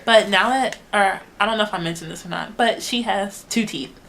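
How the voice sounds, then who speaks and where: A woman's voice: medium pitch, moderate pace, a bit bright, slight background noise, rough recording. A young woman talking casually to camera as a mother giving a baby update, rambling with lots of "like" and frequent laughs. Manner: chatty, rambling, heavy use of "like", laughs often.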